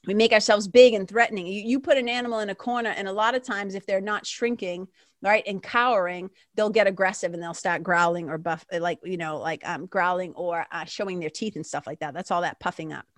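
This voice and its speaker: A woman giving a casual spiritual talk, talking fast and reading passages slowly. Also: medium pitch, steady tone, no echo, clean studio sound. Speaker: spiritual teacher.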